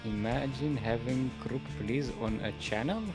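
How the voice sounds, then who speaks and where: A man's voice: mid-range voice, measured pace, over music. Playful giggly male esports caster. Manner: playful and giggly, jokes between calls. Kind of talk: live esports play-by-play commentary.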